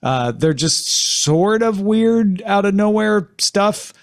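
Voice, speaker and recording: A man's voice: high voice, lively intonation, takes it slowly. A man hosting a casual TV discussion podcast, talking animatedly with playful jumps in his voice. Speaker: podcast host. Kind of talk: casual chat.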